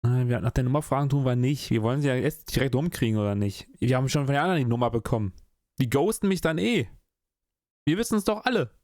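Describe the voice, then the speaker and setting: A man's voice: medium pitch, expressive, quick pace, a little mellow, no echo, studio quality. Sarcastic male gaming commentator. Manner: sarcastic and joking. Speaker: let's-play host.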